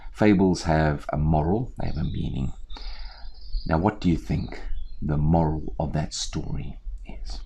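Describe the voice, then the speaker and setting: A man storyteller talking to viewers in a lively, chatty way with playful asides, indoors on a small theatre set. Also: a bass voice, slightly rough.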